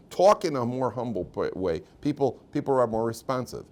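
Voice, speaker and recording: Older rabbi teaching an animated class. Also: male voice, mid-range voice, fairly quick, few pauses. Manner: animated, conversational, mixes Hebrew quotes with English explanation. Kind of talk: Torah class lecture.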